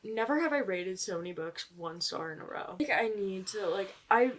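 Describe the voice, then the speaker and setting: A woman's voice: mid-range voice, lively intonation, moderate pace, a little hiss or hum, rough recording. A woman in her twenties casually vlogging about books, exasperated, swearing freely and laughing through her rants. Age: 20s. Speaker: book vlogger. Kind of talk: casual vlog commentary.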